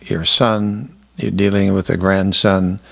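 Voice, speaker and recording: A man interviewing a guest for an oral history, asking slow, halting questions. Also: sits low, level tone, creaky, a bit bright.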